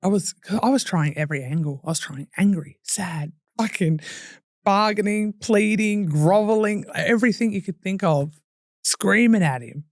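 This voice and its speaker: A woman's voice: mid-range voice, moderate pace, no echo, clean studio sound. A young Australian woman, a podcast guest, telling her hard story bluntly and with swearing, laughing through painful memories and acting out what people said. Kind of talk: candid personal storytelling.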